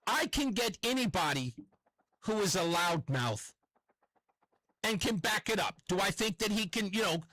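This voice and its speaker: Animated New York talk radio host. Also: male voice, sits high, measured pace, long pauses, no echo, low-quality recording. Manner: animated, rambling, self-correcting. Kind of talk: opinionated talk radio monologue. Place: radio studio.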